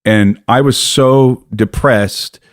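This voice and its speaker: An American man, a podcast guest, telling a story in an animated way, often breaking off and restarting his sentences. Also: mid-range voice, slow pace, no room sound, clean studio sound. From United States. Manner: animated, self-interrupting storyteller. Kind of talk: casual storytelling.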